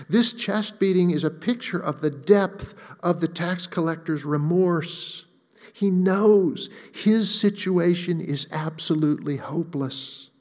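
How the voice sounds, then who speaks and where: A man delivers a sermon in a fairly high voice, deliberate and emphatic. He slows down to lean on key words. His voice rings out with the long reverb of a large church hall. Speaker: preacher.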